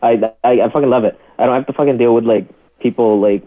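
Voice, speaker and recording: A man in his twenties joins a podcast chat with relaxed, halting replies. His voice sits at a middle pitch. The audio is thin and tinny, like a phone line. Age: 20s. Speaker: podcast co-host.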